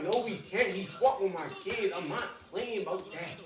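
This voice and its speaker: A man reacting live to an episode, with loud excited outbursts and heavy profane slang. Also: high voice, normal speed. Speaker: reaction video host. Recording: roomy, distant mic, show audio behind. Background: episode audio and music playing.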